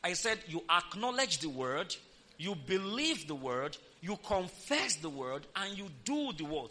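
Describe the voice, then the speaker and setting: A male preacher delivers a sermon in a high, bright voice. He preaches with emphasis and keeps calling on his listeners to repeat after him and say amen. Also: very animated, unhurried, slight background noise. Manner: emphatic, calls for congregation responses.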